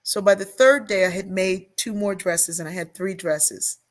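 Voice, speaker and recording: A woman's voice: medium pitch, fairly even intonation, moderate pace. An older woman, a guest on an interview show, telling a personal story at length and acting out the voices she remembers. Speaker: guest, sociologist and author.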